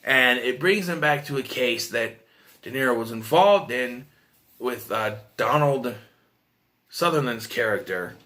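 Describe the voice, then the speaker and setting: A man's voice: medium pitch, lively intonation, unhurried, pushed and bright. A man giving a casual, rambling film review, chatty and full of restarts and asides. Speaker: movie reviewer.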